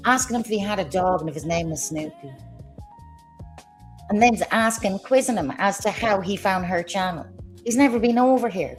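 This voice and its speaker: A woman's voice: on the low side, a little mellow. A woman ranting on a livestream in a combative, sarcastic way, swearing as she talks. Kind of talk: heated livestream rant.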